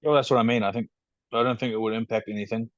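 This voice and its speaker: A man with a New Zealand accent, a guest in a casual podcast interview, speaking in a measured, matter-of-fact way over a video call. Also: mid-range voice, steady tone, dry recording. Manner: measured, matter-of-fact, calls himself rational. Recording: dull, dry video-call audio.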